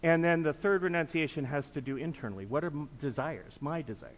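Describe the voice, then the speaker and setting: A man's voice: on the high side, fairly quick. Patient male pastor in a reverberant hall. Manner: inviting, patient, repeats prompts. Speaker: pastor leading a group reflection. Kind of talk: interactive liturgical teaching. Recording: long reverb with faint background noise.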